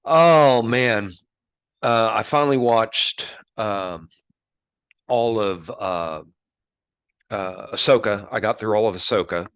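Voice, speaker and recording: A man co-hosting a casual podcast, his low voice carrying a sharp, forceful edge. He rambles and restarts his sentences, often laughing. The sound is dry and close to the mic. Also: smooth, no room sound. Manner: rambling, halting, laughs a lot. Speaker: podcast co-host. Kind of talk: casual chat.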